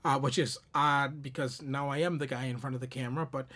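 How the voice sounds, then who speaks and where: A young man telling a personal story to camera, animated and expressive with many repeated words. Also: medium pitch, fairly quick, breathy edge. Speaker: streamer telling his own story.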